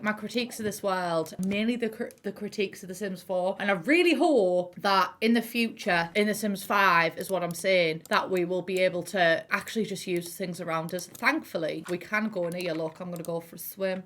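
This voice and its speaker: Young woman with a Teesside accent, mid-pitched, casual and frank, swears a lot and uses pet names for viewers. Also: moderate pace, hardly any pauses, a bit bright. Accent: Teesside English. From Middlesbrough, England. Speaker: YouTuber reviewing a game expansion. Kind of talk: casual chatty video review.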